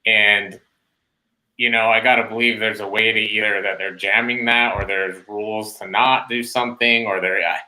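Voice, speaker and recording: A man's voice: lowish voice, fairly even intonation, moderate pace, bright, forceful tone, poor audio. A man co-hosting a podcast in casual chat, rambling and hedging his opinions. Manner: rambling, hedging, many restarts. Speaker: podcast co-host.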